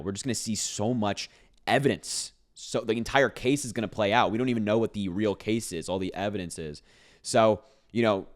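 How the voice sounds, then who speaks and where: A young man talks straight to his viewers in an emphatic, chatty commentary style. His voice sits on the low side, and he repeats himself and fills pauses with ums as he makes his points. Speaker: political commentary vlogger. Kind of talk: casual commentary to camera.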